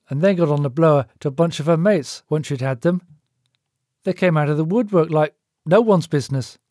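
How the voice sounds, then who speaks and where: A man voicing a worried middle-aged male butcher, gruff and exasperated. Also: a little high, mellow, no room sound, studio quality, close to an everyday voice.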